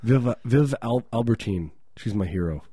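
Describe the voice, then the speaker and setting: A man co-hosting a radio show in casual banter, deadpan and sarcastic, rambling from one thought to the next. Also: medium pitch, moderate pace, slightly rough, no room sound.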